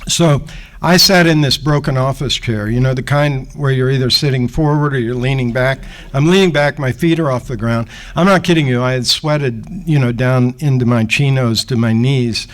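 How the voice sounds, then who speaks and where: A man in his sixties at the lectern, spinning a story with an everyday, mid-pitched voice. He tells it in a lively way and slips into the voices of the people he describes. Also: normal speed, low-quality recording. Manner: animated anecdote telling, acting out the people in the story. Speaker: guest speaker. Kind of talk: storytelling lecture.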